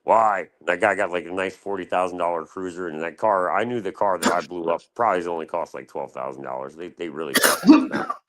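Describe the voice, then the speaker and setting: Deep-voiced, profane man telling wild stories. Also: quick pace. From Florida, USA. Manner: crude, heavily profane, acts out quotes in a raised voice. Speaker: panel guest on a livestream. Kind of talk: casual storytelling.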